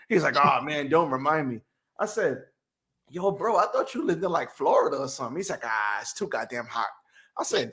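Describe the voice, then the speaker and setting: A man's voice: a little high, lively intonation, normal speed, fairly bright tone. A man co-hosting a podcast, telling stories in a laid-back, slangy way. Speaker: podcast co-host. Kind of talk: casual chat, storytelling. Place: home studio on camera.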